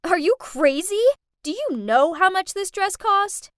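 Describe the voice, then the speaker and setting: A woman voices a spoiled, haughty rich teenage girl in an animated storybook, loud and contemptuous. Her lively voice swings high and low, with a dry, close sound. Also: unhurried, no echo. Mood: scornful. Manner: screaming, contemptuous.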